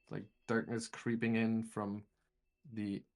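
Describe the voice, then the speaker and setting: Man, game master, slow, fairly low voice, halting narration. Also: completely flat delivery, a little mellow.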